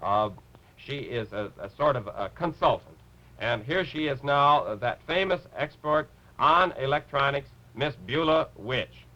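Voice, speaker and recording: A fussy, throat-clearing rabbit lecturer. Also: male voice, mid-range voice, animated, sharp tone, highs cut off. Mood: flustered. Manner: fumbling, throat-clearing, halting. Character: bumbling male rabbit lecturer, fussy and flustered. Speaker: puppet character on a TV show.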